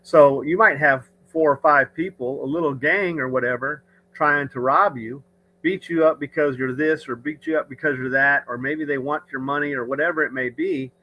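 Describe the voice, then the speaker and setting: A man's voice: on the high side, fairly even intonation, normal speed, bright, forceful tone, poor audio. A man hosting a casual livestream chat, talking in an opinionated, rambling way with frequent restarts. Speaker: podcast host. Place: rural home studio.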